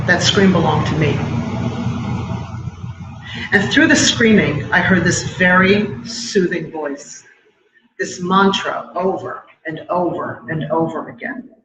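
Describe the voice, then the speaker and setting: Middle-aged woman, measured emotional testimony on a dull, noisy live recording. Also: lowish voice. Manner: measured, emotional storytelling with pauses. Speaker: speaker at a memorial event. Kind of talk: personal testimony speech. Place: live event hall. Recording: echoey hall, dull sound, noisy.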